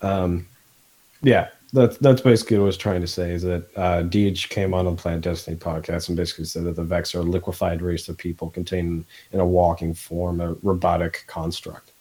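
A man with a Midwestern accent speaks in a very low voice, hosting a laid-back podcast conversation. He hesitates often and fills his pauses with ums and uhs. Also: flat delivery, warm tone, breathy edge. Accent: Midwestern American. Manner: hesitant, many fillers. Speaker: podcast host. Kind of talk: casual podcast chat.

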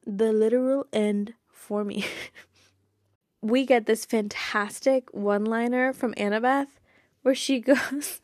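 A woman hosts a casual fan podcast in a bright, higher voice. She gushes and giggles, and her thoughts tumble out loosely. The sound is dry and close, with no room around it. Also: steady tone, slow, no echo. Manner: bubbly, giggly, gushing; rambling with frequent fillers like "like" and "you know". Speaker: podcast host.

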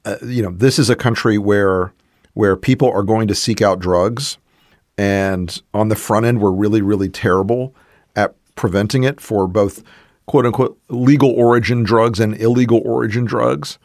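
Brief: man, political guest, blunt and sarcastic, low voice, dry close mic. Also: fairly even intonation, moderate pace, darkish tone, no room sound. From Southern United States. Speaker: podcast guest, political commentator. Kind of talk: casual political conversation.

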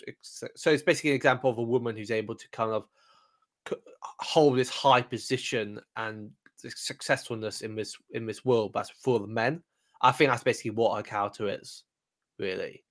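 A man's voice: medium pitch, fairly bright tone. A man co-hosting a podcast review, chatting casually with many fillers and restarts. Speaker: podcast co-host.

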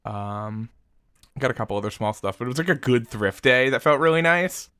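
Young guy on a podcast, bright voice, rambly and chill, dry close sound. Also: medium pitch, lively intonation, a little fast, clean tone, no room sound. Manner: rambling, laid-back, swears and laughs often. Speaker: podcast co-host. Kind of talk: casual chat.

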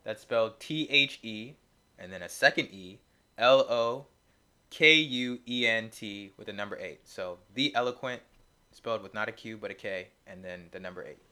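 Bright-voiced laid-back young man. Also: fairly low pitch, moderate pace. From San Francisco Bay Area. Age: 20s. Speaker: guest, actor and poet. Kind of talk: casual interview chat.

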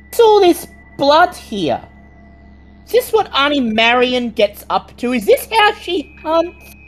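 An unsettling little girl of around seven, voiced in a tabletop role-playing game, lilting in a playful sing-song that rises very high above the narrator's own register. pushing the voice bright and loud with faint music behind. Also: very animated, slow pace, full character voice. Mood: curious.

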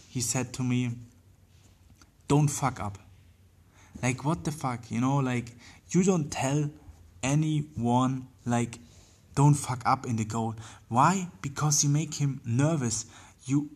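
A man with a slightly husky voice speaks at a mid pitch. He hosts his own podcast, pressing the same point again and again with "like" and "you know" as he hunts for words. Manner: earnest, repetitive, many fillers and restarts. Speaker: podcast host. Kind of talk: casual motivational monologue.

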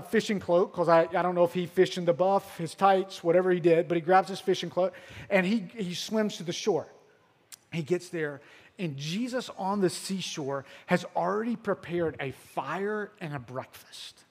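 Guy pastor preaching, kinda high voice, laid-back storytelling, loud then hushed, long hall echo. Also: moderate pace. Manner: casual storytelling with filler words; swings between loud emphasis and soft hushed passages. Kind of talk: sermon.

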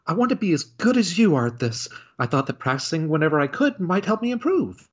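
A man voicing a clumsy young maid in a high falsetto, stammering and apologetic, on a dull recording. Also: big pitch swings, fairly quick, breathy edge. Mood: pleading. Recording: dull lo-fi audio.

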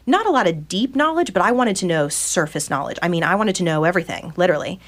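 Earnest woman in her thirties, low-voiced. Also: expressive, fast talker. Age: 30s. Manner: open and earnest, acts out the people she quotes. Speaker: podcast guest. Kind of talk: candid personal storytelling in conversation.

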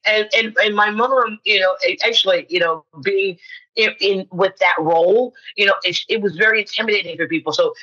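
This woman in her fifties talks with a bright, forceful tone roughened by a husky grain. She tells personal stories to a podcast host and acts out each quoted person. The audio is somewhat dull and lo-fi. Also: mid-range voice, a little fast. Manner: animated storyteller who acts out quoted voices. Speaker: podcast guest, actress. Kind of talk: personal storytelling in conversation.

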